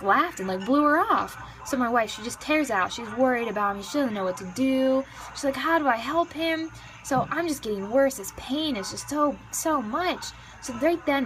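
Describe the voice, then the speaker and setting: A woman's voice: sits high, a bit bright, a little hiss or hum, rough recording. A woman interpreting a signed story into spoken English in a casual, filler-heavy manner. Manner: casual, many repeated fillers like "yeah, yeah". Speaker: ASL interpreter.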